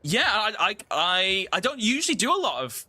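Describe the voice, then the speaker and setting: Casting: man, high and very bright voice, hesitant, giggly creator answering fan questions. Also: huge pitch swings, moderate pace. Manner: hesitant, lots of fillers and giggles. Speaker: show creator and game master. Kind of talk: casual livestream chat.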